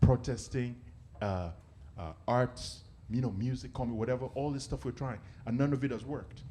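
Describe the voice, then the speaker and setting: A man from Africa performing stand-up comedy, animated and acting out the people he describes. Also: medium pitch, moderate pace.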